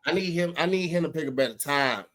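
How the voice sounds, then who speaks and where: A man's voice: on the high side, quick pace, crowd noise. A man in casual comedic podcast banter, laid-back and lecturing like a mentor.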